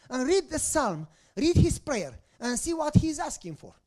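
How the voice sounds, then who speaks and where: Male pastor, dramatic storytelling sermon, very expressive pitch, hushed-to-loud delivery. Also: measured pace, hardly any pauses. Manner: dramatic storytelling with rhetorical questions to the congregation; swings between soft hushed lines and loud bursts.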